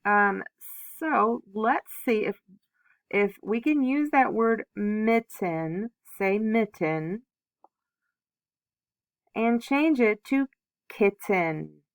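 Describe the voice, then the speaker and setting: Slow, patient woman teaching phonics. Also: medium pitch, animated, dry recording. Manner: slow, patient, sounding out letters and syllables. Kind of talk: phonics lesson for young children.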